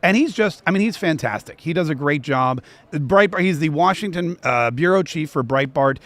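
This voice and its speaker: A man hosting a political talk show from a convention media row, talking with animated energy. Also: on the high side, normal speed. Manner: animated, breaks into chanted rap rhymes.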